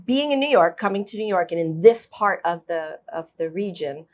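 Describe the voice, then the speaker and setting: A woman hosts a casual interview, asking her guest questions in an encouraging way. Her voice sits somewhat low. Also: animated, normal speed. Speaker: host.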